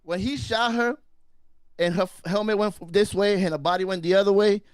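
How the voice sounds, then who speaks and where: A man's voice: high-pitched, brisk, smooth, dry recording, studio quality. A man co-hosting a casual podcast, rambling and repeating himself as he laughs through his stories. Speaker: podcast co-host. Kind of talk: casual chat.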